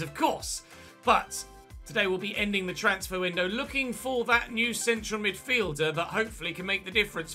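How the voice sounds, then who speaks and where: Young guy, high bright voice, chatty football game commentary, faint game music behind. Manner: chatty, self-correcting, like a match commentator. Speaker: gaming channel host. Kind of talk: casual let's-play commentary.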